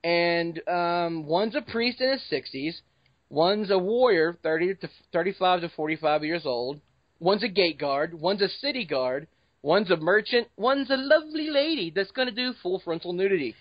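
A man's voice: high-pitched, lively intonation, moderate pace, dry recording. A man hosting a podcast in loose, rambling casual chat full of fillers. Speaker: podcast host. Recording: dull lo-fi dry mic.

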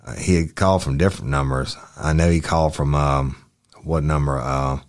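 A man reading aloud the words of a young male witness answering police questions, halting and polite with many fillers. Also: a bass voice, fairly even intonation. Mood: subdued.

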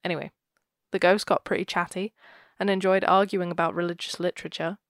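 A woman's voice: on the low side, level tone, a little fast, no echo, studio quality. A woman co-hosting a podcast, chatting casually and laughing often as she retells a ghost story. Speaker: podcast co-host.

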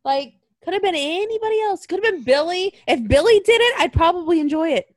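A woman co-hosting a casual chat, ranting in an animated way with mock outrage and swearing. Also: very high voice, fairly quick, dry recording, clean studio sound.

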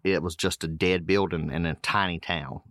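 A man's voice: low voice, fairly even intonation, normal speed, fairly bright tone, dry recording, studio quality. A man hosting a podcast, reading case notes aloud with loose casual asides. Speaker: podcast host.

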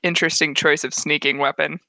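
Low, bright-voiced woman player. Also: level tone, brisk, no room sound. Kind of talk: casual tabletop chat.

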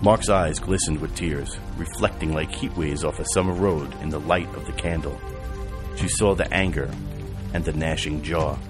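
A man narrating an audiobook in an even, measured reading style. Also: rumbling low. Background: music and rain.

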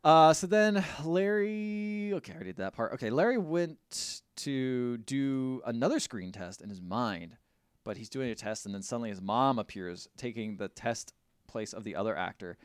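A man's voice: medium pitch, normal speed, clean tone, dry recording. Man, podcast co-host, rambling plot recap, bouncy intonation, dry close mic. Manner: animated, rambling retelling of a plot. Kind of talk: casual movie recap chat.

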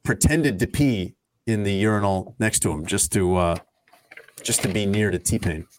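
A man's voice: on the low side, moderate pace, slight background noise. A man hosting a radio talk show, rambling and teasing his co-hosts in casual chat. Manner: rambling, teasing, meandering asides.

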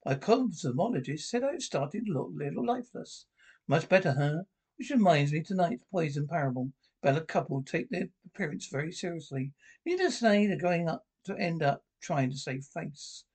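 The Crypt Keeper, cackling ghoul. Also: male voice, a little high, expressive, normal speed, darkish tone, breathy edge, low-quality recording. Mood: gleeful. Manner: gleeful macabre punning. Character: cackling ghoulish male corpse host. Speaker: horror anthology host.

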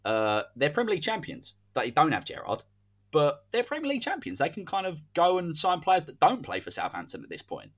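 A man's voice: on the high side, huge pitch swings, fairly quick, a bit bright. A man, hosting a podcast and telling a football story in a casual, dramatic way. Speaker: podcast host.

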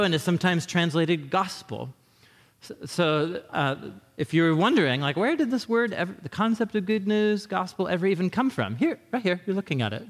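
A male pastor delivers a sermon in a conversational, animated way, reading verses aloud and then unpacking them with quick asides. His voice sits a little high for a man. The sound carries a long reverb, as if recorded in a large hall.

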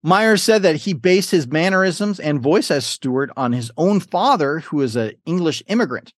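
A man's voice: on the high side, animated, normal speed, no room sound, studio quality. A man hosting a trivia game podcast, reading questions and fun facts with playful, jokey asides. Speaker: podcast host and quizmaster.

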